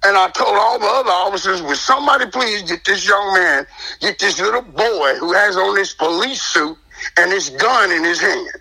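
Guest, man, high bright husky voice, animated storyteller acting out his exchanges. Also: moderate pace, low-quality recording. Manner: indignant, emphatic, acts out dialogue.

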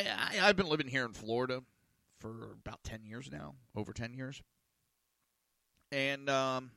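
Gravelly-voiced man rambling on his show. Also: medium pitch, sharp tone, no echo. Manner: rambling, repeats words, curses casually. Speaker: host of a small radio and YouTube show. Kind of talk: casual rambling monologue.

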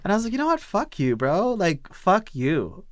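A man in his twenties candidly telling a personal story on a talk show, profane and animated. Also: high voice, normal speed, no room sound, clean studio sound.

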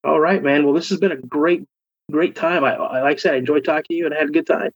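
A man, a podcast guest telling a personal story in an earnest, halting way, often repeating his words. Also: fairly high pitch, fairly even intonation, breathy edge, no room sound, muffled recording. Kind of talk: emotional storytelling.

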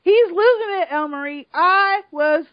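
A woman with a high, bright-pitched voice tells a story in casual chat, swearing and getting worked up as she goes. The sound is dry and close, with a dull lo-fi tone. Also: a little slow, no echo. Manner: animated, emotional storytelling with swearing. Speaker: podcast co-host recapping a reality show.

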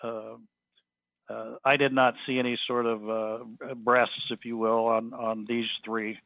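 A man, a podcast guest, telling a story in a halting, earnest way with many restarts. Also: mid-range voice, flat delivery, gravelly, no echo. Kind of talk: storytelling in an interview. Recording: thin phone-like line, dry.

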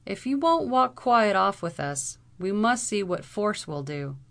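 A woman voicing a gruff lower-class bailiff. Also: very animated, unhurried, fairly bright tone, heavily acted. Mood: stern.

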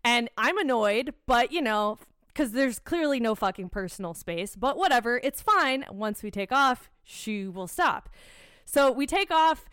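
A young woman tells a story in loose, casual chat, cursing freely as she goes. Her voice sits a touch high and comes across smooth and clear. The sound is dry and close, with no room around it. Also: unhurried, no room sound. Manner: swears a lot, animated storytelling.

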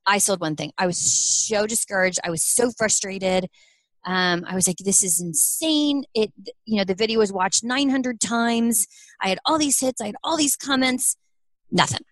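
A woman's voice: medium pitch, normal speed, a bit bright, no echo. A middle-aged woman who runs a small clothing business, answering interview questions earnestly and acting out quoted dialogue.

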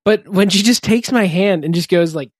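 A man and parent chatting casually, telling funny anecdotes in halting bursts, laughing often and breaking off mid-sentence. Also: high-pitched, no room sound, clean studio sound. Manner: chuckling, halting, self-interrupting anecdotes. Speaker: podcast co-host, parent. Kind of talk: casual chat, storytelling.

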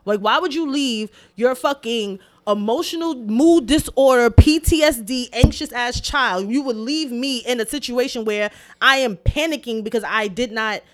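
Animated, profane woman telling a story. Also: on the high side, normal speed, few pauses. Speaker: podcast co-host. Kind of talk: casual storytelling chat.

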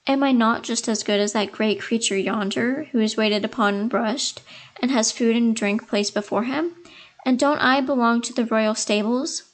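A puffed-up, haughty little beetle with a sniffy, indignant way of talking, as a woman reading a fairy tale puts him on. The voice sits a little high. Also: fairly even intonation, normal speed, lightly acted. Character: conceited pompous male beetle.

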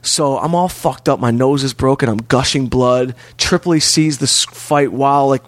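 A man telling a wild personal story in casual chat, swearing often and acting out quotes with lively energy. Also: mid-range voice, normal speed, no room sound. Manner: animated, profane, swearing-to-God storytelling with acted-out quotes.

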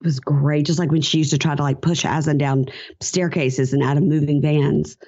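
A woman's voice: moderate pace, husky. Lo-fi woman acting out quotes. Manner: animated retelling, acts out quotes in higher voices, laughs often. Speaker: podcast guest. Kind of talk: casual recap chat.

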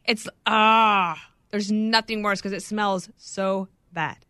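A woman co-hosting a podcast, chatting casually with quick jokes and asides. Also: mid-range voice, steady tone, bright, forceful tone, clean tone, dry recording, clean studio sound. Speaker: podcast co-host. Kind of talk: casual chat.

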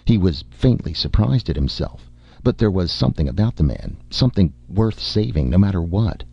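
Deep gravelly male audiobook narrator. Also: very animated, normal speed, warm tone, no room sound, dull audio. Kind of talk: scripted narration.

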